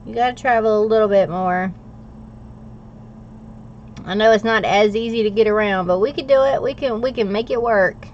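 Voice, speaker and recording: A woman's voice: mid-range voice, moderate pace, pauses often, highs cut off, a little hiss or hum. An American woman hosting a livestream, chatting casually with viewers and laughing often as she works. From United States. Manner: chatty, laughs often, talks while working. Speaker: planner livestream host. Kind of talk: casual chat with live viewers.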